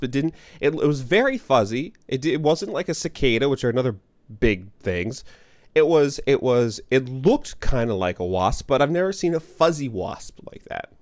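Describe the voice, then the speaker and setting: A man chatting casually with viewers while streaming a game, rambling and joking at his own expense. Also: mid-range voice. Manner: rambling, self-deprecating, chats with viewers. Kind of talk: casual gaming stream chat.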